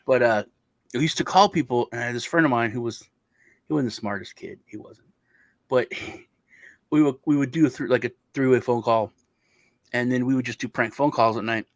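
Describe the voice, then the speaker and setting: A man's voice: medium pitch, fairly quick, long pauses, no echo. Male host, rambling casual storyteller, dry close recording. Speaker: crypto show host. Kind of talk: casual chat.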